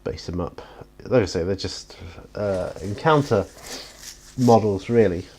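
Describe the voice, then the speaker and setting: Tired, low-voiced man rambling. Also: unhurried, a little mellow, slight background noise. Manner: rambling, self-deprecating, yawning often. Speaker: hobby painting vlogger. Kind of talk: casual chat while painting miniatures. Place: home hobby studio.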